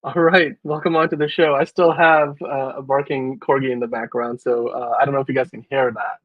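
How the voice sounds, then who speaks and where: A man's voice: medium pitch, a little fast, dry recording. Chatty podcast host man, dry sound. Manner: relaxed, chatty with many fillers. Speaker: show host. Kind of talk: casual podcast chat. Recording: dry, slightly muffled.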